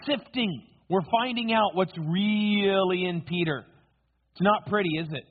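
A man's voice: high-pitched, measured pace. A male preacher giving a sermon, telling the story dramatically and posing rhetorical questions to his listeners. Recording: tinny phone-like sound.

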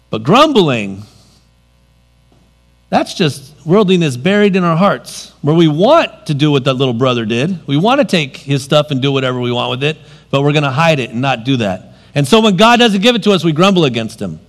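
A preacher man with a fairly high voice that leaps up and down in pitch. He moves from loud emphasis to quiet asides as he preaches. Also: big pitch swings, fairly quick. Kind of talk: sermon.

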